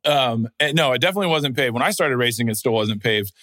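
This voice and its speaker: A man, a former hill-climb racer, telling animated, jokey stories in casual chat and swearing freely. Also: medium pitch, quick pace, dry recording.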